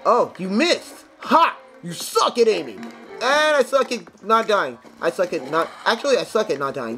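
An excitable young man talks through a game, joking and shouting at the enemies as he goes. His voice sits fairly high and jumps widely in pitch. Music plays clearly under him the whole time. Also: poor audio. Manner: excitable, jokey, talks to enemies, sings snatches. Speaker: gaming channel host. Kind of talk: casual gameplay commentary.

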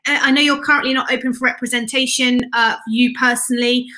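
A woman hosts a live-stream Q&A with an effusive, enthusiastic manner, reading out messages from viewers. Her voice sits a little high and sounds bright and forceful. She is heard over a video call. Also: steady tone, fast talker, a little hiss or hum.

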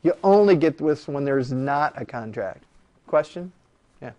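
A man lecturing a classroom on law, animated and jokey, firing rhetorical questions at his students. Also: medium pitch, a little slow, highs cut off.

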